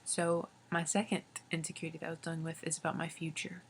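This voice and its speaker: 18 yr old girl rambling earnestly about faith, low flat voice, lots of fry, slips into half whispers. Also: slight background noise. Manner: halting, rambling, many fillers, earnest; often drops into soft half-whispers. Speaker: faith vlogger. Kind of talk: casual confessional faith talk.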